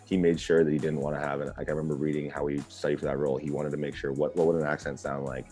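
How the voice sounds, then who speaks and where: A man's voice: very deep voice, level tone, very fast, warm tone, soft background music. A man speaking as a guest on a podcast in casual conversation, talking in a heartfelt way with frequent restarts.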